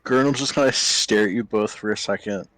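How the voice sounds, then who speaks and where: A man narrating a tabletop role-play as game master in a calm, low-key way. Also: brisk, dry recording.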